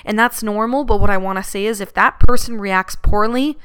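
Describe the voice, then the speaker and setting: Brief: smooth-voiced woman giving frank, chatty advice. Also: mid-range voice, fairly quick, fairly bright tone. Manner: candid and chatty, swears freely, many "like" and "you know" fillers. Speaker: podcast host. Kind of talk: frank casual advice talk.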